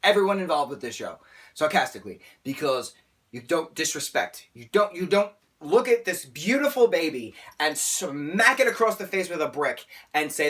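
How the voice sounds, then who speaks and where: Animated, theatrical man ranting a review. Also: a little high, normal speed. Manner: sarcastic outbursts. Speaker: film reviewer.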